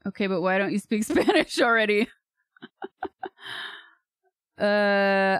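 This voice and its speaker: A woman's voice: mid-range voice, slow pace, pauses often, a bit bright, clean tone, no room sound, studio quality. A woman from California streaming live, thinking aloud in a hesitant way and laughing at herself. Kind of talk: casual livestream chat.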